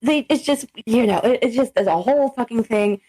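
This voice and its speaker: Swearing, animated young woman storyteller. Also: a little high, brisk, breathy edge, rough recording. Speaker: podcast co-host. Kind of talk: casual chat.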